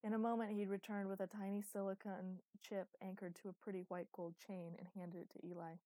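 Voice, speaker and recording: A woman narrating a story aloud in a steady reading voice. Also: mid-range voice, a little fast, dry recording. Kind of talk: audiobook narration.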